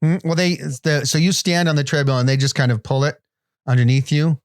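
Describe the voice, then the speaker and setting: A man co-hosting a comedy podcast, delivering absurd bits in a dry, deadpan way. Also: a little high, brisk. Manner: deadpan, plays absurd claims straight. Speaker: podcast co-host. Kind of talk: comedic casual chat.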